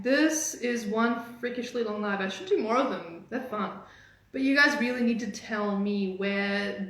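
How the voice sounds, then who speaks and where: Her pitch swinging fast, a dating coach streams live, teasing and energetic as she gives a motivational talk. The woman's room echoes a great deal.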